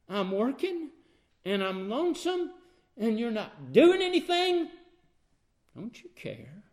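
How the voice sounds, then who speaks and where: A man's voice: very high voice, very animated, takes it slowly, exaggerated voice. A preacher acting out a fretful, overworked woman who scolds her guest for not helping. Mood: pleading. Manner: scolding, exasperated complaint.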